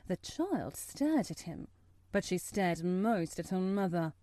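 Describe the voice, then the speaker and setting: A woman reading a story aloud as an audiobook narrator, measured and expressive. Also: fairly low pitch, dry recording.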